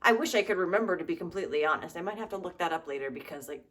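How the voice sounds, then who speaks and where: Woman, 30s, comedy vlogger, sarcastic and profane, animated asides. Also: on the low side, rapid-fire, heavy background noise. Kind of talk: casual comedic commentary.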